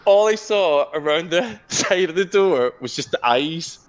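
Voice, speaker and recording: A man's voice: fairly high pitch, animated, a little slow, highs cut off, crowd noise. A young man co-hosting a casual podcast chat, telling a story with energy, swearing and laughing often. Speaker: podcast co-host.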